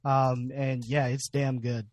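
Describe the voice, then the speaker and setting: A man's voice: medium pitch, little pitch movement, slow, no room sound, clean studio sound. A man on a podcast, enthusiastic and bantering in casual chat.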